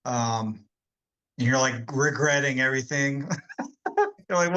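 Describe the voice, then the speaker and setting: A man's voice: medium pitch, fairly even intonation, slow pace, pauses often, bright, forceful tone, clean tone, dull audio. A man in his forties telling army stories as a podcast guest, rambling and laughing often. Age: 40s. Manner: loose, rambling, laughs often, many fillers. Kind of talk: casual storytelling chat.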